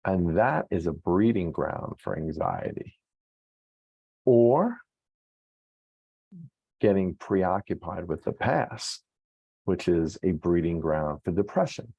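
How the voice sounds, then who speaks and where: A man's voice: low-pitched, sing-song, slow pace, gravelly, pauses often, mellow, husky, no room sound, highs cut off. A male psychologist giving an earnest, encouraging self-help talk on weight loss, often checking in with the listener.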